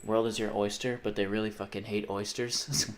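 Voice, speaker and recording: Streaming a game live, a young man talks at normal speed in a lowish voice with little pitch movement. He rambles casually, reads out viewers' messages, and curses frequently.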